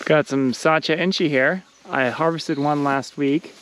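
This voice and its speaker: A man giving a relaxed walking tour of his outdoor tropical farm, pointing out plants as he goes. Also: fairly high pitch, a little slow. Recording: outdoor noise with insects and crickets.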